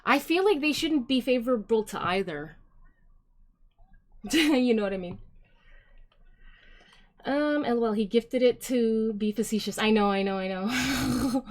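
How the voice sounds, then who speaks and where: A woman's voice: a little high, expressive, unhurried, pauses often. Chatty woman streamer reading chat. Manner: rambling, filler-heavy, giggly, reads chat aloud. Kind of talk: casual live-stream chat reading comments.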